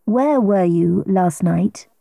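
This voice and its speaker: A woman's voice: medium pitch, warm tone, no room sound, close to an everyday voice. A woman reading a cool police inspector. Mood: questioning. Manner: measured, clipped questioning.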